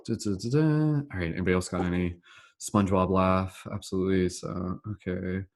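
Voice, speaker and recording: A man hosts a casual online laughter meditation, talking upbeat and rambling with plenty of "like" fillers. His voice sits a little low. He is heard over a video call. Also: little pitch movement, brisk, creaky, a little mellow. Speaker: host, laughter meditation facilitator. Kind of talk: casual online group session.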